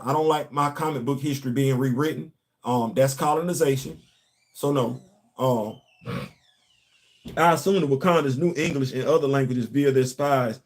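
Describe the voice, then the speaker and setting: A man hosting a comics commentary show, ranting emphatically and repeating himself. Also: mid-range voice. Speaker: host. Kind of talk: casual commentary.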